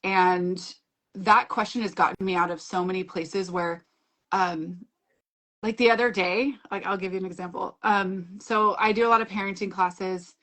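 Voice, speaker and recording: A woman's voice: medium pitch, fairly even intonation, normal speed, a bit bright. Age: 40s. Sex: woman. Role: class facilitator. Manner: chatty, acts out quoted dialogue, laughs often. Mic: video call. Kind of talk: casual video-call conversation.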